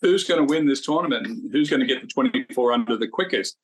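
A man's voice: medium pitch, expressive, fast talker. A man co-hosting a casual golf betting podcast, rambling and repeating himself as he talks to his co-host. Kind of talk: casual sports betting chat.

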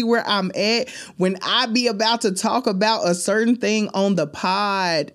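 A woman's voice: mid-range voice, measured pace, hardly any pauses. Emotional woman hosting a faith podcast. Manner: emotional, expressive, preachy. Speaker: podcast host. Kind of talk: faith-based heartfelt podcast talk.

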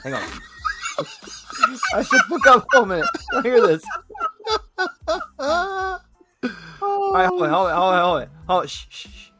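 A man's voice: extremely high pitch, wildly swooping pitch, a little slow, pauses often. A man co-hosting a casual music podcast, laughing constantly and mimicking sounds. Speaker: podcast co-host. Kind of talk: casual chat.

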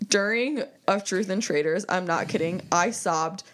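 A woman's voice: medium pitch, unhurried, a bit bright. A woman co-hosting a book podcast in casual chat, wry and dry with emphatic bursts. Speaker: podcast co-host.

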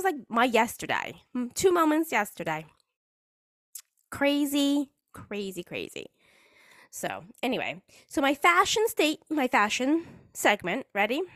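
A woman's voice: on the high side, a bit bright, no room sound, clean studio sound. A woman chatting casually as a hockey fan vlogger, rambling and poking fun at herself. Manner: chatty, rambling, self-mocking. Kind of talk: casual chat.

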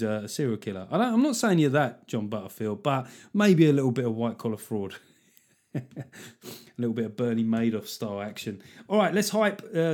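A man's voice: medium pitch, darkish tone. A man hosting a comedy podcast, riffing sardonically and swearing freely in a solo monologue. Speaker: podcast host.

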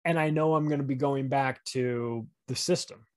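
On a casual podcast, a male guest with a medium-pitched voice talks at a moderate pace. He tells rambling, animated stories, often restarting his sentences as he goes.

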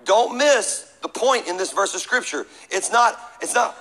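Man, middle-aged pastor, sermon, high voice, bright tone, joking call-and-response. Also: expressive, moderate pace, few pauses, rough recording. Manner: preaching with humor and call-and-response.

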